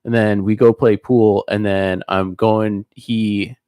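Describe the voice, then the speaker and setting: A young man co-hosting a podcast, telling stories in casual chat and acting out quotes in squeaky put-on voices. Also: takes it slowly, clear, resonant tone, dry recording. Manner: animated storyteller, acts out quotes in high voices, laughs often. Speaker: podcast co-host.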